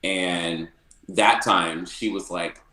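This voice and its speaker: A man telling stories as a podcast guest, animated, often laughing and acting out what people said. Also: deep voice, very slow, roomy sound, rough recording. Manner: animated, laughing often, acts out quoted lines. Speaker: podcast guest, drag performer. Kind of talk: casual storytelling interview.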